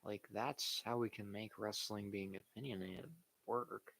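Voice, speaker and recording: A man's voice: fairly low pitch, fairly even intonation, a little slow, creaky, fairly bright tone. A man hosting a livestream, giving blunt, opinionated casual chat about wrestling and sports and swearing freely. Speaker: livestream host.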